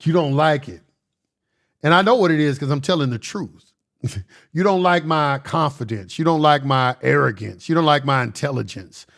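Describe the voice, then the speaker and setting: A man's voice: a little high, moderate pace, vocal fry, fairly bright tone. A man hosting a casual livestream, lecturing his chat in a combative, boastful, slangy way and repeating phrases for emphasis. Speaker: livestream host answering chat.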